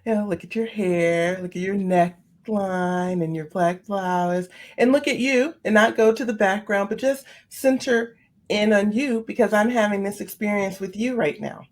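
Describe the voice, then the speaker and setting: A woman on a podcast, earnestly telling a personal story, her voice leaping up in pitch when she gets animated. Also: normal speed. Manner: earnest, repeats phrases for emphasis. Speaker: podcast guest, speaker on seizing the day.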